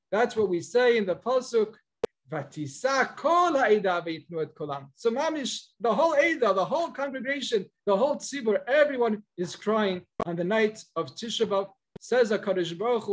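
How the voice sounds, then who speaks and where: A male rabbi giving a Torah lesson as guest speaker, quoting Hebrew and Aramaic texts and retelling them in a lively, storytelling way. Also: high voice, normal speed. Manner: cites Hebrew and Aramaic texts, then explains.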